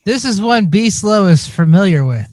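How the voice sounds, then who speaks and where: Man co-host as quizmaster, high voice, reads slang definitions slowly. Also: expressive, darkish tone, no room sound. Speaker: podcast co-host running a quiz segment. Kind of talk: crude comedic banter.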